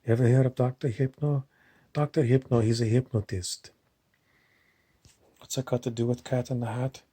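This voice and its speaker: A man's voice: mid-range voice, little pitch movement, normal speed, mellow, breathy edge, no echo. A man talking casually in a rambling, digressive monologue, wandering between points with loose, unpolished phrasing. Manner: digressive, loose, with many fillers and restarts.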